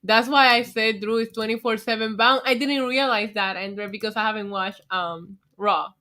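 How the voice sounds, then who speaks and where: A young woman with a New York accent chats on a casual livestream, tipsy and loose. Her voice sits a little high and sounds bright and forceful, and she breaks into laughter often while reacting to the chat. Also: normal speed. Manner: tipsy, laughing, chatty, reads chat aloud. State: drunk. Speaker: livestream host.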